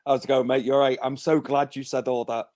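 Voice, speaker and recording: A man's voice: medium pitch, flat delivery, fast, darkish tone. Laughing man from the Isle of Man. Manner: laughs often, says mate. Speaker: panel guest. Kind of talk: casual chat.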